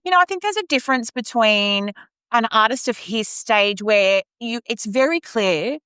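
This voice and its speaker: An Australian woman and opera singer co-hosting a podcast, giving measured, thoughtful views with a dry sense of humor. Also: fairly high pitch, expressive, bright, forceful tone, clear, resonant tone, dry recording. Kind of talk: casual chat reviewing a singing competition.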